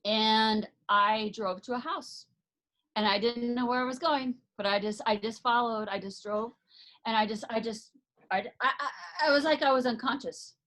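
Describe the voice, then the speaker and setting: A woman's voice: on the high side, fairly even intonation, moderate pace, fairly bright tone. A woman, an author and life coach, telling a personal story as a podcast guest, earnest and emphatic, often restarting her sentences.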